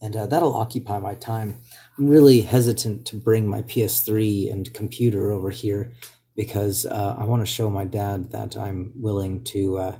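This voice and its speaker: A man talks casually to his live stream viewers, wandering between thoughts with plenty of pauses and answering comments as they come in. His voice is warm and low-toned, with a breathy huskiness left over from recent hoarseness. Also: fairly even intonation. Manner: rambling, hesitant, reads out viewer comments. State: voice recovering from hoarseness. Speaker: livestreamer.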